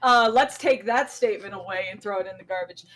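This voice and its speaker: A woman hosting a casual podcast chat, animated and quick to laugh, restarting her sentences as she talks. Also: mid-range voice. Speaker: podcast host.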